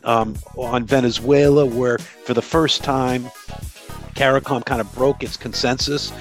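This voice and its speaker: A man speaking as a human rights advocate in an interview, explaining earnestly and briefly acting out what others said. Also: medium pitch. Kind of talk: casual interview conversation.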